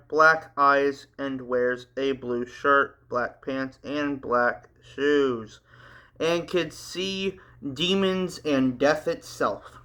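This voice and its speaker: A man hosting his channel, reading a manga story aloud with casual, animated asides. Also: a little high, smooth. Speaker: channel host, story reader.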